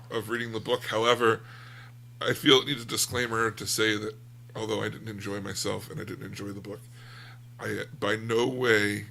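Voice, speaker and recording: Gravelly, bright-voiced man chatting. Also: lowish voice. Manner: rambling, self-deprecating. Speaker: podcast co-host. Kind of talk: casual book discussion.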